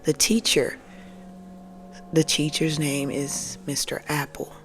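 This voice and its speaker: A woman's voice: sits low, little pitch movement, slow pace, fairly bright tone. A woman hosting a podcast, telling an emotional personal story to listeners she calls family, swearing freely and often dropping to a whisper. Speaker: podcast host. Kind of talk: casual storytelling monologue.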